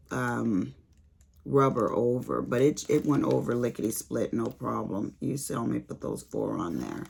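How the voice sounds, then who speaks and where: Woman, middle-aged, husky, unhurried, casual unboxing chat, calls viewers honey. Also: low voice. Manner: chatty, calls viewers honey, Southern-tinged slang. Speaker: craft vlogger.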